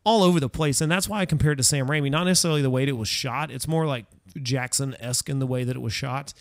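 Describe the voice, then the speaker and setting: A man's voice: medium pitch, fast, no room sound, studio quality. A man hosting a casual horror-movie podcast, rambling and correcting himself as he searches for words. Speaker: podcast host. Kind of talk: casual film discussion.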